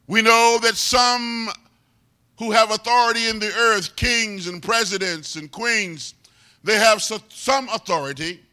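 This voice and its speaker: A man delivers a sermon in a high, very bright voice. He speaks at an unhurried pace, teaching steadily and then building to loud crescendos. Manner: preaching with rising, shouted crescendos. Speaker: preacher.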